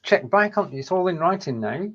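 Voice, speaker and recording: A British man co-hosting a casual live-stream chat, quick and jokey, laughing often. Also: sits high, expressive. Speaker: co-host. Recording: dull lo-fi audio.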